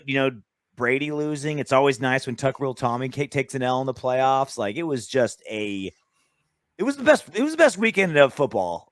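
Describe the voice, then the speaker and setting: A man's voice: medium pitch, fairly bright tone, no room sound, clean studio sound. A man co-hosting a sports podcast, talking in loose, joking, rambling banter. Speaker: podcast co-host. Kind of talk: casual sports chat.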